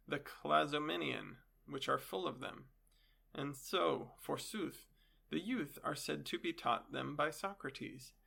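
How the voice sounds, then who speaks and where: A man's voice: fairly high pitch, creaky, sharp tone, full character voice. A man voicing an elderly male philosopher on trial, questioning his accuser with dry irony. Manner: questioning, dryly ironic.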